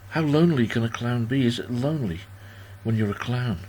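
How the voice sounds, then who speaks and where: A man's voice: mid-range voice, normal speed, a little mellow. A man in his sixties hosting a livestream party from home, chatting in a rambling, self-deprecating way as he reads out viewers' comments. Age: 60s. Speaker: host of a livestream birthday party. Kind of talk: casual chat.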